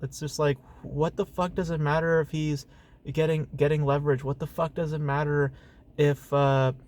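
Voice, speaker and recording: A man's voice: on the high side, little pitch movement, moderate pace, a little mellow, slight background noise. A man giving a casual, ranting movie review, profane and exasperated, full of fillers and rhetorical asides. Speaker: film reviewer.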